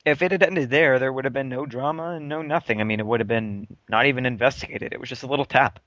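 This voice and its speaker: A man from the United States co-hosting a casual motorsport podcast, talking in an animated, opinionated way with frequent restarts. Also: mid-range voice, quick pace, no echo. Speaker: podcast co-host. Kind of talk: casual chat. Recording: muffled, dry lo-fi.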